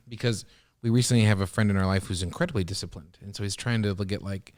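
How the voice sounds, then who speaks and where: A man's voice: fairly low pitch, steady tone, fast, darkish tone. A man co-hosting a podcast, talking reflectively and poking fun at himself. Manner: self-deprecating, reflective. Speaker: podcast co-host. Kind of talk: casual podcast chat.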